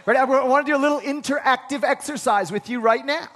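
A pastor preaching a sermon to a congregation, emphatic, leading them in call-and-response. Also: male voice, extremely high pitch, quick pace, fairly bright tone. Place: large church sanctuary. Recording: long hall reverb.

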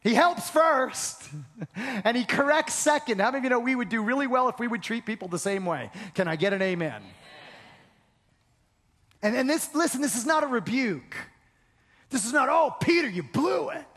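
Male pastor, very high voice, energetic preaching with call-outs to the room, long reverb. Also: moderate pace. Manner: emphatic, repeats phrases, asks the congregation questions, occasional shouts. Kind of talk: sermon.

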